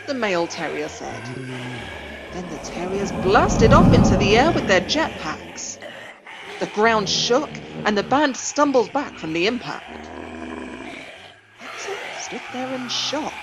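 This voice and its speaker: A woman narrating a story in an expressive storybook reading. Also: medium pitch, slow, very noisy.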